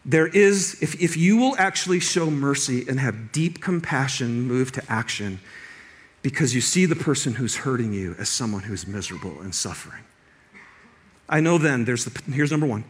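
A middle-aged male pastor giving a sermon, telling a personal story with lively restarts and laughter. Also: mid-range voice, moderate pace.

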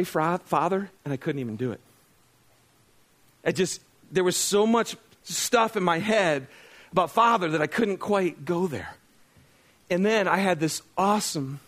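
Pastor, middle-aged man, high-pitched, relaxed and conversational from the pulpit, quizzes his congregation. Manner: conversational, self-deprecating, asks the congregation questions. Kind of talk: sermon.

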